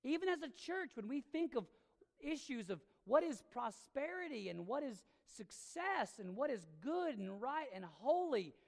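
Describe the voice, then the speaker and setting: A woman pastor delivers a sermon in an emphatic, conversational manner. Her voice swings widely in pitch and carries a gravelly edge. It rings out with the long reverb of a church hall. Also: very animated, measured pace, darkish tone. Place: church sanctuary.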